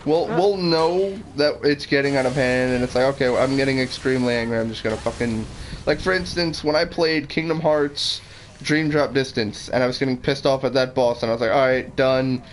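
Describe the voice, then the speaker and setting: A man co-playing on a stream, explaining his views calmly with some swearing. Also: medium pitch, a little fast, slight background noise. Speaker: co-player. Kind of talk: casual gaming chat.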